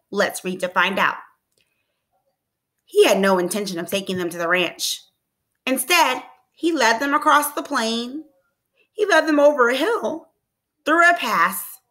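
A woman teacher reading a storybook aloud to children, expressive and asking them encouraging questions. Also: mid-range voice. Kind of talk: storybook read-aloud lesson.

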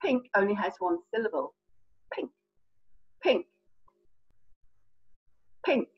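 A woman with a British accent and a fairly high, breathy-edged voice guides children through signing colours. Her pitch jumps around a lot as she chats playfully and encourages them. The recording sounds muffled and lo-fi. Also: expressive, slow pace, pauses often. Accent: British English. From England. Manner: chatty, playful, encouraging, demonstrating hand signs. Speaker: sign language tutor.

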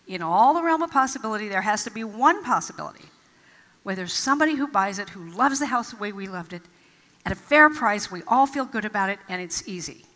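A woman giving an inspirational stage talk, telling stories and acting out quotes with emphatic pauses. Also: medium pitch, sharp tone, big-room sound. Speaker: motivational speaker. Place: large event hall.

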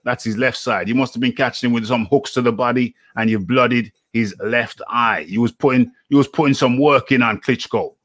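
A man's voice: mid-range voice, moderate pace, few pauses, fairly bright tone, no echo. A man hosting a live online boxing interview show, chatty, repeating his phrases as he talks through his setup.

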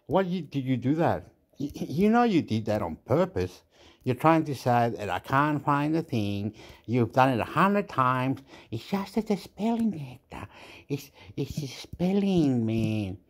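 A man's voice: mid-range voice, sing-song, measured pace. A man rambling and swearing in a casual monologue, dropping into now and then. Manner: swearing, rambling, mixes English and Spanish.

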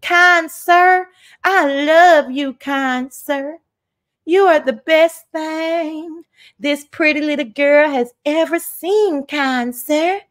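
A woman's voice: high voice, slow pace, fairly bright tone. A woman voicing a swooning Southern woman who fawns over a man, in an exaggerated Southern drawl. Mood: fawning.

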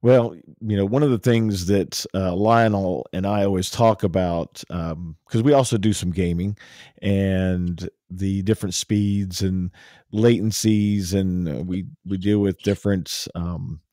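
Man, from the United States, podcast host, mellow low voice, laid-back, dry close sound. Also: fairly even intonation, unhurried, dry recording. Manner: laid-back, filler-heavy. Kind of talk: casual podcast chat.

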